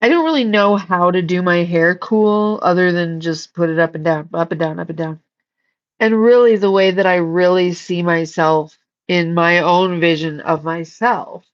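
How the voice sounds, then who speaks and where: A woman's voice: on the low side, lo-fi sound. A woman hosting a casual livestream, chatting and giggling as she reads viewer comments. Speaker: psychic livestream host.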